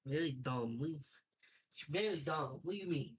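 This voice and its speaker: A man's voice: a little high, expressive, fairly quick, breathy edge. A man chatting casually as a co-player, laid-back and teasing. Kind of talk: casual gameplay chat.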